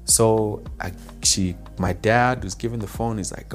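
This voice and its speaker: A man with a somewhat low voice tells a personal story in an earnest, halting way, with many small restarts. He grew up in Zambia. Faint music plays softly behind him. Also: steady tone. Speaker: guest sharing a personal testimony.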